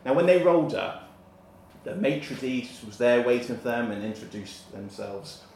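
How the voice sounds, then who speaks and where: A man's voice: medium pitch, expressive, moderate pace, a little mellow, roomy sound, a little hiss or hum. A man telling a comic story on stage in a live venue, laughing at his own jokes. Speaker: comedian. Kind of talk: stand-up storytelling.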